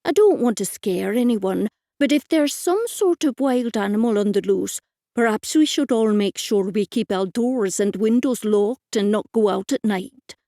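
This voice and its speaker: A man's voice: sits high, measured pace, creaky, mellow, dry recording, clean studio sound. A woman voicing a curt, guarded Irish man staying as a guest in a storybook mystery, giving short, unhelpful replies.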